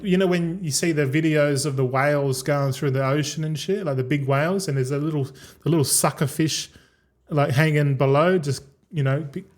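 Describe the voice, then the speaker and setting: A young man streaming a game, rambling and ranting casually with lots of swearing. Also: medium pitch. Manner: rambling, profane, fired-up ranting.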